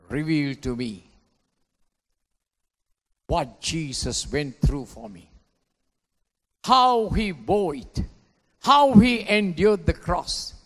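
A male pastor delivers a dramatic sermon in a high, lively voice. He moves slowly through his words, dropping to a hush and then rising to a shout. His voice rings with the long reverb of a large church hall. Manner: dramatic preaching, swinging between hushed and shouted lines.

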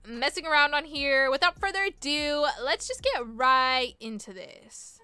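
A woman's voice: sits high, lively intonation, sharp tone, soft background music. A woman gaming YouTuber chatting casually and joking as she plays a roleplay game. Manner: bubbly, chatty, quick jokey asides.

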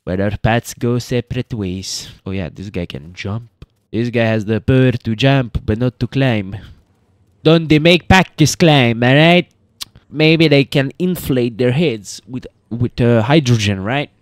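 Guy goofing around narrating his dino game, mid pitch, dry close mic, keeps calling everyone boys. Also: unhurried, no echo. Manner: joking, rambling, talks to viewers as boys. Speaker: gaming YouTuber. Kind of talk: casual gameplay commentary.

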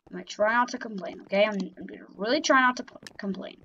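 A young woman gaming YouTuber comments on her own gameplay, swinging between mock cheer and grumbling complaints. She speaks fast with a sharp tone at medium pitch. The lo-fi audio is slightly dull, with faint noise.

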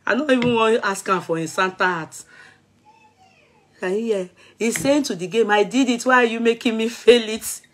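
Laughing frequently and singing bits of songs, this middle-aged Nigerian woman keeps her vlog chat casual and playful, slipping into Yoruba and Pidgin. She speaks at a moderate pace in a slightly high voice.

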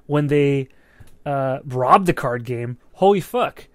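A man's voice: mid-range voice, takes it slowly, dry recording. Profane, chatty podcast co-host man. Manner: animated, profane, keeps checking in with "right?". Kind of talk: casual movie review chat.

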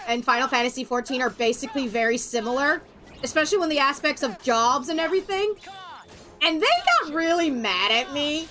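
A young woman chatting casually while she plays a video game, excitable and blunt, swearing freely. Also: sits high. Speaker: gamer host.

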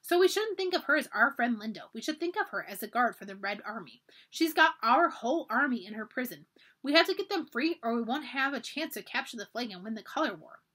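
A woman's voice: a little high, lively intonation, fairly quick, fairly bright tone, breathy edge. A woman voicing a determined, scheming young girl at camp, talking earnestly and urgently while reading a children's storybook aloud.

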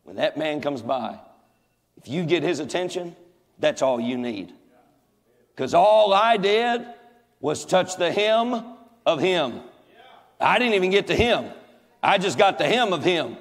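A preacher voicing a healed woman who tells her story in a low, confiding way. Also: animated, unhurried, pauses often. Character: healed woman, grown, sharing plainly. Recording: echoey church hall.

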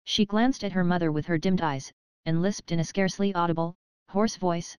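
A woman reading an audiobook aloud in a measured, unhurried narration style. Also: on the low side, darkish tone, smooth, dry recording.

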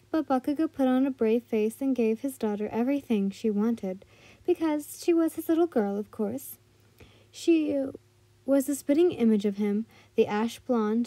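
A woman's voice: a little high, dark tone, no echo. A woman narrating a fan story in a casual read, with frequent slips and restarts. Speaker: fanfiction reader.

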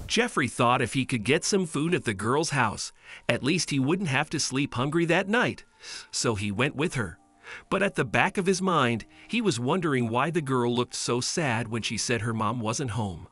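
A man reading a scripted story in a steady storytelling way. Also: mid-range voice, moderate pace. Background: faint music.

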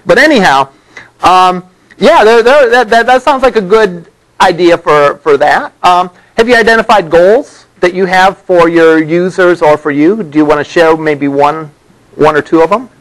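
A man's voice: high-pitched, normal speed, fairly bright tone, poor audio. A man teaching a college class, talking in a loose, conversational way with many fillers and side stories. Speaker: college instructor. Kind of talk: classroom lecture. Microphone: microphone worn by the lecturer.

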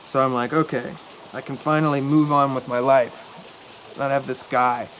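A young man in a film telling a rambling anecdote to a friend, halting and correcting himself as he goes. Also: medium pitch, steady tone, fairly bright tone, a little hiss or hum, lightly acted, rough recording. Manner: halting, hesitant, self-correcting.

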